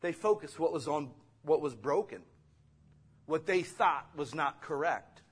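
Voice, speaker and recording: A middle-aged man, a pastor, preaching a sermon in a casual, conversational way that swings from quiet asides to loud exhortation. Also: a little high, expressive, unhurried, slightly rough.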